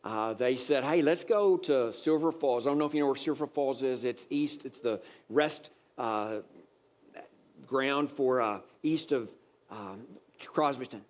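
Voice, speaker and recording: A man preaching a sermon, telling a personal story with many fillers and repeated words, growing animated and exasperated with rising emphasis. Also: mid-range voice, unhurried. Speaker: pastor.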